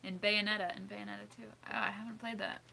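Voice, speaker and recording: A woman's voice: mid-range voice, level tone, quick pace, gravelly, sharp tone, slight background noise. A woman hosting a casual livestream, reading out suggestions, giggling often and thinking aloud as she second-guesses pronunciations. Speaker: livestream host.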